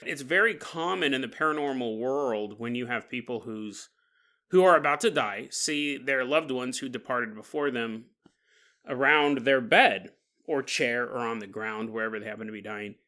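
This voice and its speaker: A man's voice: medium pitch, normal speed, sharp tone. A man hosting a podcast, telling a paranormal story casually with joking asides. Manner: joking asides, chuckling between lines. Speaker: podcast host.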